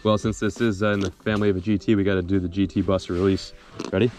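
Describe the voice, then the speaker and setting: A young man vlogging from a fishing boat outdoors, excited and slangy, laughing often as he talks. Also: deep voice, fast talker. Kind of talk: excited outdoor vlog chat. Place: boat on open water outdoors.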